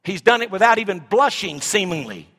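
A middle-aged man preaching a sermon as pastor, swinging from shouts to hushed asides. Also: sits high, big pitch swings, brisk.

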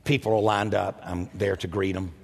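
An older man preaching a storytelling sermon, animated and self-mocking, with a husky voice. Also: normal speed. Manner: animated, self-mocking, jumps into loud high quoted voices. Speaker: pastor. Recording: echoey hall.

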